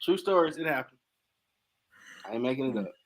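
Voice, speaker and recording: A man's voice: medium pitch, fairly quick. A man hosting a talk show, telling a funny personal story and acting out the dialogue in casual slang. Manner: animated, acts out dialogue in slang. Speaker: host.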